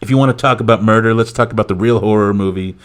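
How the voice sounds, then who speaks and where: A man doing a comic impression of a boastful, rambling male president, who talks loudly and piles on superlatives. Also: on the low side, fast talker, natural voice. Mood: blustering. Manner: loud bragging, repetitive superlatives. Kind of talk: comic impression in a podcast skit.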